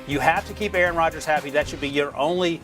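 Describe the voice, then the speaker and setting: A man from North Carolina, a sports analyst guest, talking through draft picks in a quick, joking way on a studio mic. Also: a little high, fairly bright tone, soft background music. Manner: quick, joking, chuckles while explaining.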